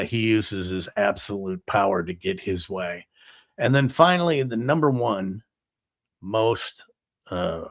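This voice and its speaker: Male talk show host, low and gravelly, dry close sound, casual rambling delivery. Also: a bit bright, no echo. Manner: rambling, filler-heavy retelling. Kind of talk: casual monologue.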